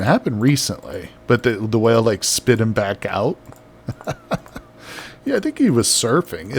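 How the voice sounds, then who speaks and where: A man chatting casually on a live game stream, reading out viewer messages and laughing often. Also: mid-range voice. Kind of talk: casual live-stream chat while building.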